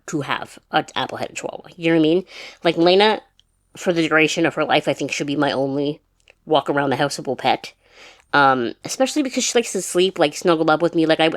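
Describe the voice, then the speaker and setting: A woman's voice: low voice, no room sound, studio quality. A young woman chatting casually in a rambling vlog, full of restarts and fillers. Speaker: vlogger. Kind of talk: casual chat. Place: her mom's house.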